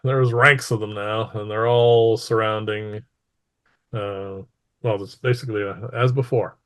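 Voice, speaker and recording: A man running a tabletop role-playing game as game master, narrating casually with halting pauses and fillers. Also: fairly low pitch, steady tone, fairly bright tone, smooth.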